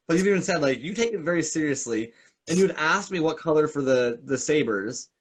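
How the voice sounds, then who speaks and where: A man's voice: on the high side, lively intonation, normal speed, breathy edge. A man hosting a casual live Q&A who talks enthusiastically and at length, wandering from point to point. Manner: enthusiastic, talkative, meandering. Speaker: host.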